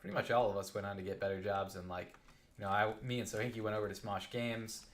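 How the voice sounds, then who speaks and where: A young adult man telling a rambling, animated story while playing a game on a live stream. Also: fairly low pitch, quick pace.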